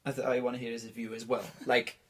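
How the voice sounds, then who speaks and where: A man's voice: mid-range voice, level tone, fast, a bit bright. A man co-hosting a casual podcast, giggly and hesitant, with lots of fillers. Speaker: podcast co-host. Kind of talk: casual chat. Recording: faint background noise.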